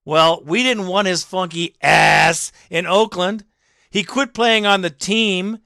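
A man's voice: high voice, takes it slowly, gravelly, bright, forceful tone, no room sound, studio quality. A man hosting a sports podcast, ranting sarcastically and mockingly at an absent critic, with indignant swearing. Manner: rants, swears, directly addresses absent critic. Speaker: podcast host.

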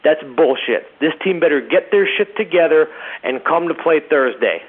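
A man's voice: fairly high pitch, lively intonation, normal speed. Disgusted man ranting over a phone line. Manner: disgusted, profane, emphatic. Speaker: caller. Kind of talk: ranting voicemail.

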